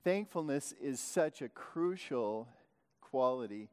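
A man's voice: medium pitch, lively intonation, takes it slowly, some chatter behind, a little hiss or hum. A male pastor giving a sermon, talking in a rambling way with frequent restarts and self-corrections. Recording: long hall reverb.

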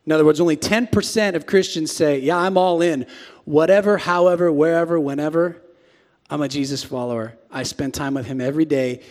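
Male pastor, 40s, sermon, fairly high voice, hushed-to-shouting delivery, long hall reverb. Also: a little fast. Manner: animated, swings from hushed to shouting. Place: large church sanctuary.

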